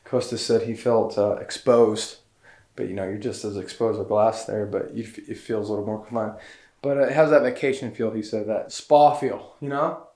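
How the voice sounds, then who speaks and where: A man's voice: on the low side, fairly even intonation, normal speed, warm tone. A middle-aged man vlogging on his last day at his cabin, choked up and sighing as he talks to himself. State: tearful. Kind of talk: emotional personal vlog.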